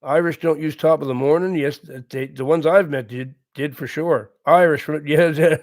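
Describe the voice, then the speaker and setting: Comments from viewers get read aloud by this live stream host, who responds in a casual, earnest manner, chuckling frequently and saying things more than once. His fairly high voice is steady and a little mellow, at normal speed.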